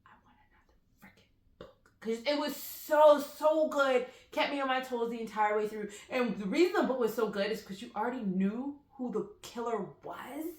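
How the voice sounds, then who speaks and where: Chatty woman with a bright voice. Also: sits high. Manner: rambling, animated storytelling with frequent fillers. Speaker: book vlogger. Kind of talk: casual chatty book haul vlog. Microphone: phone. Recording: roomy echoey room.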